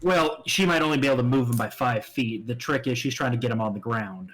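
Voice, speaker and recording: A man's voice: mid-range voice, fast, fairly bright tone, rough recording. A man playing a tabletop game, explaining his moves hesitantly with many fillers. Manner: hesitant, many fillers while working out rules. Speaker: player. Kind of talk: casual tabletop game chat.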